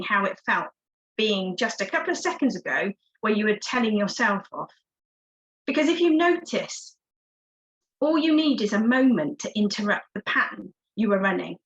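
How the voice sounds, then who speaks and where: A woman's voice: fairly high pitch, fairly bright tone, low-quality recording. A woman, a success coach giving an encouraging, interactive online workshop talk over a video call. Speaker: success coach, guest speaker.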